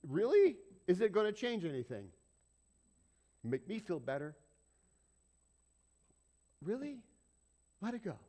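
This male pastor's voice sits high and is very animated, keeping a measured pace with frequent pauses. His sermon turns from loud urging to near-whispers, conversational yet dramatic, and he often puts questions to the congregation.

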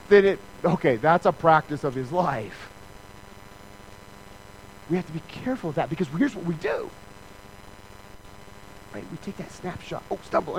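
A man's voice: sits high, creaky, slight background noise, rough recording. A man preaching a sermon in a church, talking in a conversational, joking way and acting out other people's lines. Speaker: pastor.

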